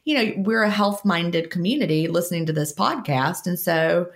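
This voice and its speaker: A woman's voice: on the low side, moderate pace. A woman co-hosting a podcast, talking in earnest, reassuring casual chat. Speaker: podcast co-host.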